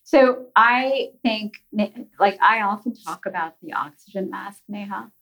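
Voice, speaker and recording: A woman calmly explaining coping techniques in a casual advice chat, enthusiastic and explanatory. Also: mid-range voice, a little slow. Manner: enthusiastic, explanatory, addresses host by name. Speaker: guest expert.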